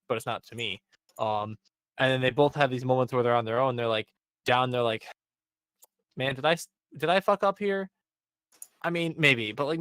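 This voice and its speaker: A man's voice: mid-range voice, dry recording. A young man casually recapping an episode on a podcast, acting out the characters' lines with lots of fillers. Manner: animated storytelling, acting out characters' lines with many "um" and "like". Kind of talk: casual chat.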